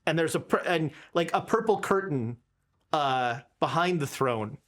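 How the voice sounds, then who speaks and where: Woman game master, low voice, lively pitch, casual dry narration. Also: a little slow. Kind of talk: narrating a tabletop horror game.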